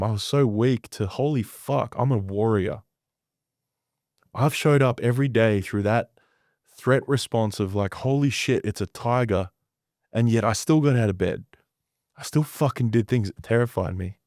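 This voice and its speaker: A man's voice: medium pitch, a little mellow, no echo, clean studio sound. A man who works as a coach, telling stories in a podcast conversation, intense and emphatic, with heavy swearing.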